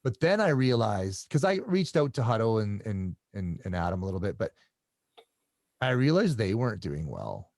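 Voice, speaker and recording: A middle-aged man telling stories in a casual interview, halting and often repeating his words as he restarts sentences. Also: fairly low pitch, sing-song, a little mellow, dry recording, studio quality. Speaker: guest.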